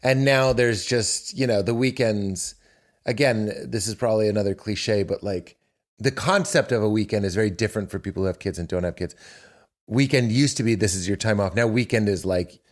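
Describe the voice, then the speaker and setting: A man's voice: lowish voice, brisk. A man, a comedian chatting as a guest on a podcast and acting out quotes as he tells stories. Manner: animated storytelling with acted-out quotes. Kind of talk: casual podcast conversation.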